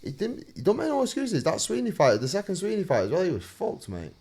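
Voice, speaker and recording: A man's voice: high-pitched, wildly swooping pitch, fast talker, gravelly, a little mellow, husky. A man, a fighter talking casually and earnestly on a podcast, swearing freely and repeating himself. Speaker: fighter guest.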